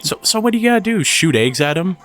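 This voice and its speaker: A man's voice: high-pitched, big pitch swings, fast, a bit bright, faint music behind. Joking man in casual gaming banter. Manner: joking, rambling, playful. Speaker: gaming co-host. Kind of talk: casual let's-play banter.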